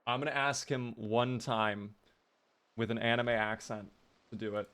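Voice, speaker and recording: Young male streamer, mid-range voice, quick to react and chatty with his viewers. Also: medium pitch, clean tone. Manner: excitable, reactive, thanks viewers often. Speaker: game streamer. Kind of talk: live gameplay commentary.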